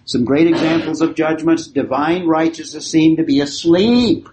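A man's voice: on the high side, moderate pace. A man teaching a Bible class, who asks his group questions, repeats their answers and leans hard on key phrases. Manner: emphatic, stretches key phrases. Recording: roomy hall recording, faint hiss.

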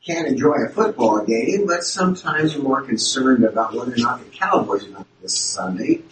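A man's voice: medium pitch, moderate pace, fairly bright tone. A man in the class speaking up with a casual, conversational comment. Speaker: class member. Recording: distant from the mic in an echoey room with background noise.

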